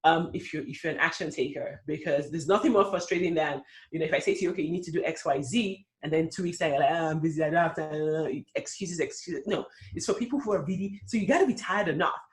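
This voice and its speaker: Male career coach, middle-aged, high pitch, punchy motivational webinar delivery, mimics doubters. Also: fast talker, few pauses. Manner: emphatic, animated, acts out quoted doubters.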